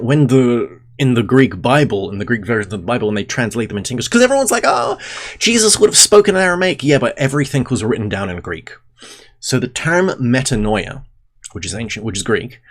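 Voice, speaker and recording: A man reads an old text aloud on a home livestream, then drifts into loose, joking tangents and stumbles over words. His pitch sits in the middle range for a man, and his pacing speeds up and slows down as he moves between reading and chat. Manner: rambling, jokey asides between read passages. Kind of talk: casual livestream reading and commentary. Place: home room, window half open.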